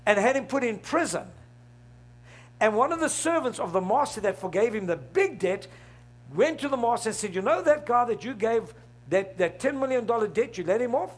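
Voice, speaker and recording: A man's voice: extremely high pitch, expressive, moderate pace. A middle-aged man preaching a sermon, asking the congregation questions and laughing along with them. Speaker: pastor.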